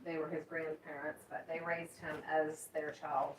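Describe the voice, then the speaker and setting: A woman's voice: low voice, little pitch movement, unhurried. A woman chatting casually and teasing her husband at home. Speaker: homesteading vlogger. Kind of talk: casual chat. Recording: roomy, distant, noisy home recording.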